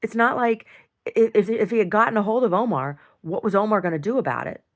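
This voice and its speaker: A woman's voice: medium pitch, fast talker. A middle-aged woman venting in a casual video diary, blunt and exasperated, swearing and repeating herself. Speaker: video diarist.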